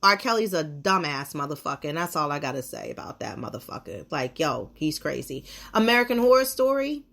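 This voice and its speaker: A woman's voice: sits low, sing-song, brisk, vocal fry, hardly any pauses, a bit bright, slight background noise. A woman hosting a podcast in a casual monologue, ranting bluntly and swearing freely. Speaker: podcast host.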